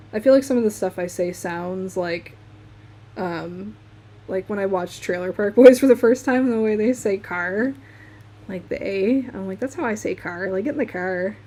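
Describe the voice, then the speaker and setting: A woman's voice: medium pitch, mellow. Chatty Midwestern woman streaming her sketching. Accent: Midwestern American. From Michigan, USA. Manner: chatty, laughs often, talks while working. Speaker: artist streaming live. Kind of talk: casual chat while drawing on a live stream.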